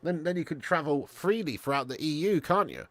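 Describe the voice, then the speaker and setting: A man's voice: fairly high pitch, lively intonation, brisk, a bit bright, no echo. A man, hosting a football watch-along live stream. He is sweary and full of banter, and he talks straight to his viewers. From Birmingham area, England.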